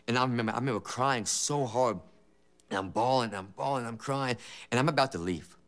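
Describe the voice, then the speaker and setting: Man, mid-pitch, telling his faith testimony; emotional, repetitive, earnest. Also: a little fast, a bit bright. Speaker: former gang member giving testimony.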